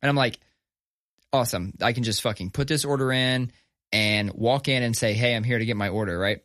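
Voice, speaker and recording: A man, co-hosting a podcast, telling a story in casual chat, animated and profane, acting out the voices of people in his story. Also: mid-range voice, fairly quick, dry recording, clean studio sound. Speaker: podcast co-host.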